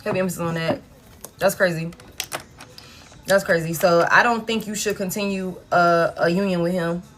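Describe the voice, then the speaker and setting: A woman's voice: on the low side, fairly even intonation, normal speed, a bit bright, slight background noise. A woman giving a casual live tarot reading, blunt and frank, swearing freely and repeating herself for emphasis. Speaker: tarot reader.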